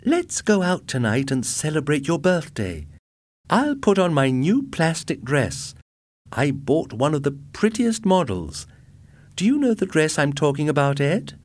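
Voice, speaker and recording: A man voicing an excitable young housewife in a high, chattering voice. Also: a little slow, full character voice. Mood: excited.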